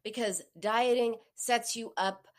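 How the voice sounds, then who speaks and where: A woman's voice: fairly high pitch, slow. A woman giving a coaching talk to an audience, acting out the quoted voices. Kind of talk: motivational talk on binge eating.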